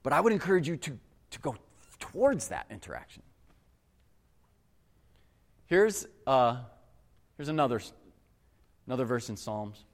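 A man preaching a sermon. He tells a personal story in an earnest, animated way and keeps addressing the crowd as guys. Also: medium pitch, measured pace, gravelly, long pauses. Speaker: pastor. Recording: long reverb of a large hall.

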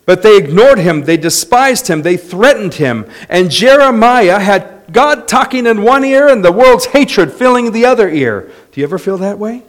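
A man preaching a sermon, moving between quiet, low passages and loud, lively ones, with laughter. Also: normal speed, hardly any pauses. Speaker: pastor.

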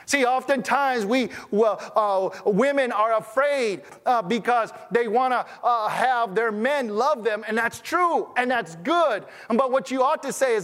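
A man's voice: very high-pitched, measured pace, few pauses, fairly bright tone, in a large hall. A man preaching as a pastor, telling stories in a conversational way and often restarting his sentences. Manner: conversational, storytelling, stammering restarts. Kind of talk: sermon.

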